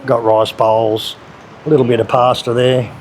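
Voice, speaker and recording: A man's voice: medium pitch, moderate pace, crowd noise. A man with an Australian accent, chatting casually as a food vlogger about a local cafe. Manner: relaxed, chatty, laid-back. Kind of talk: casual vlog narration. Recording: noisy cafe background.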